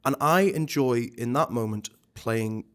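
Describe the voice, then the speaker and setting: A man, a stage actor, talking as a guest in a casual interview, animated and chatty with many restarts. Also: mid-range voice, unhurried.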